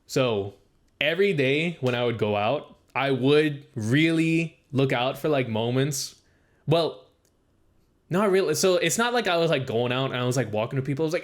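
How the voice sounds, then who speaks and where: A man's voice: expressive, normal speed. A young man co-hosting a casual podcast, telling a long story full of "like" and acting out what people said. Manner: rambling storytelling, heavy use of "like"; acts out quoted speech with raised pitch. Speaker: podcast co-host. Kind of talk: casual chat.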